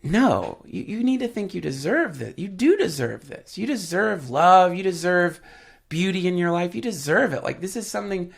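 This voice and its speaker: A man's voice: sits high, big pitch swings, normal speed, gravelly, pitched above the performer's own voice, heavily acted. A man voicing his psychiatrist friend, insisting in a slightly raised, firm voice. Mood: insistent. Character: reassuring adult friend, a psychiatrist.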